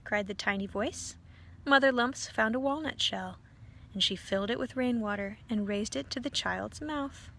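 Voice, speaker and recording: A woman pastor reading a storybook aloud to children, with gentle asides to a child. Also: fairly high pitch, normal speed, a little hiss or hum.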